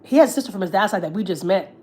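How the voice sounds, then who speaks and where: A woman's voice: medium pitch, animated, very fast, a little mellow, slight background noise. A young woman from Texas, a family vlogger, chatting candidly on a livestream, full of swearing and filler words. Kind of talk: casual livestream chat.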